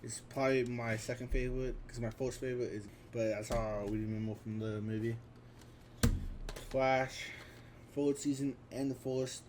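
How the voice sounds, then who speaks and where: A vlogger in his twenties talks casually and offhandedly through his film collection, with frequent restarts and fillers. His voice is medium-pitched and steady at a normal speed, with background noise in the recording.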